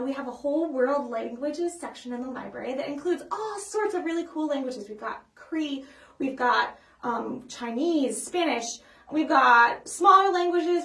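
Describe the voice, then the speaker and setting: A high-pitched woman running a children's storytime, talking in a chatty, upbeat way full of ums and small restarts. She stands a little away from the microphone, so her voice sounds distant, and the room around her is echoey. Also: fairly bright tone. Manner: sings simple songs slowly for kids to follow. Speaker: children's librarian leading storytime. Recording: echoey room, voice a bit far from the mic.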